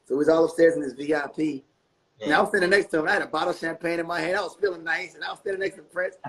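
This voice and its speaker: A middle-aged man, a guest musician telling stories in a casual interview, laid-back and quick to laugh. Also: fairly high pitch, steady tone, rough recording. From North Carolina. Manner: laid-back, laughs often, repeats phrases.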